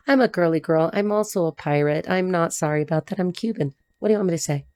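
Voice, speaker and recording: A woman's voice: lowish voice, a little mellow, clean tone, dry recording. American lady doing a tarot reading, blunt and sweary, chatty, dry close sound. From United States. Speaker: tarot reader. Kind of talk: casual solo tarot reading to camera.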